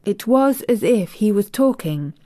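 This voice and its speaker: A woman narrates a classic children's story in a soft, gentle voice at a very unhurried pace. Some passages drop to a near-whisper. The sound is close and dry, with no room echo. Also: medium pitch, lively intonation. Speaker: audiobook narrator.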